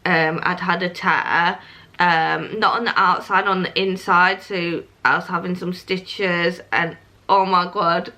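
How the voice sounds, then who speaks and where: A woman's voice: lowish voice, little pitch movement, slow pace, pushed and bright. Chatty young woman vlogger. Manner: chatty, lots of "um" and "like". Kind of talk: casual storytelling to camera.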